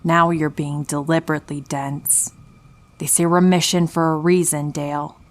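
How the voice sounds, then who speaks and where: A man's voice: a little high, moderate pace, pitched above the performer's own voice, lightly acted. A man putting on a sarcastic doll-spirit woman. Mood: cold, mocking. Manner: sarcastic monotone. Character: sinister female spirit inside a lifelike doll. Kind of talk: horror story narration.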